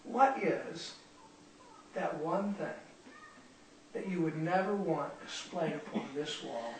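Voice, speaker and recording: A man's voice: a little high, a little slow, a little mellow. A man teaching a Bible study, speaking earnestly and repeating words for emphasis. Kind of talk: sermon. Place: room used for a Bible study. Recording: echoey room from far off, faint noise.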